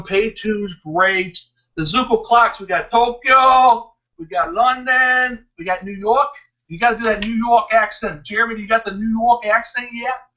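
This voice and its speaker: A man giving an excited, rambling promotional pitch, laughing often and restarting his sentences. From Ohio. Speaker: network marketing promoter. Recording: distant, dull lo-fi sound.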